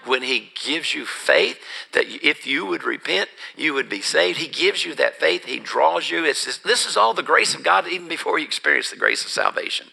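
A man's voice: on the high side, big pitch swings, moderate pace, gravelly, hardly any pauses, bright, forceful tone, poor audio. A man preacher telling his personal testimony as a sermon, earnest and building to emphasis. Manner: earnest storytelling, rising to emphatic.

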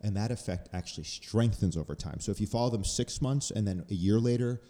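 Deep-voiced analytical man in a reverberant room. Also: a little fast, mellow. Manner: analytical, explains research in long runs. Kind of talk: casual chat.

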